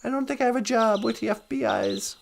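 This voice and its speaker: A man putting on a high, over-earnest voice for a heroic agent in a comic retelling. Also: wildly swooping pitch, fairly quick, vocal fry, a little hiss or hum, heavily acted. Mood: mock heroic.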